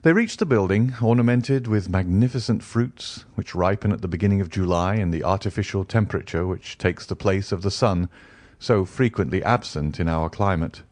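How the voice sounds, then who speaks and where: Man, audiobook narration, measured storytelling, fairly low, dry close recording. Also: darkish tone, no echo. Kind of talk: scripted narration of a classic novel.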